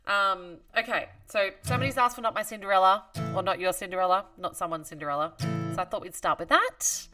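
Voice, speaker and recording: A woman's voice: mid-range voice, fairly quick, far from the mic, music in the background. A woman hosting a livestream concert, chatting casually and greeting viewers by name as she reads their comments. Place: home studio.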